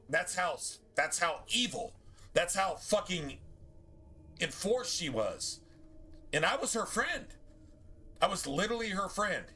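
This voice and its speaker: Sitting high and bright, his forceful voice carries a loose, rambling, profane rant aimed at his stream chat while he plays a game.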